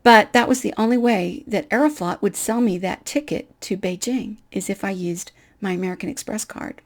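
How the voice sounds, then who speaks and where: Speaking at a moderate pace with a medium-pitched voice, a middle-aged woman recounts her own faith journey, poking fun at herself and acting out the conversations with animated energy.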